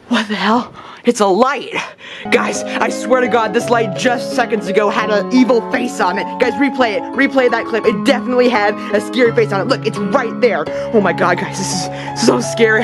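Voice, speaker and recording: A woman's voice: a little high, normal speed, loud music behind the voice. A woman YouTuber hosting a comedic horror-challenge vlog, shrieking and laughing in exaggerated mock terror. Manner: mock-terrified, melodramatic, yelling and cackling.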